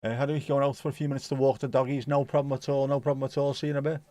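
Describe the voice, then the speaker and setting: A man's voice: mid-range voice, flat delivery, racing, mellow, no echo, clean studio sound. A man hosting a football watch-along stream, chatting casually and joking as he reads viewer comments.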